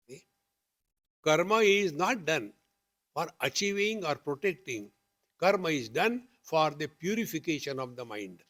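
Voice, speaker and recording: Man giving a lively spiritual talk. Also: on the high side, measured pace, pauses often. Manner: lively storytelling, acts out dialogue with rising questions. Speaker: spiritual teacher. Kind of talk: spiritual discourse. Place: retreat hall.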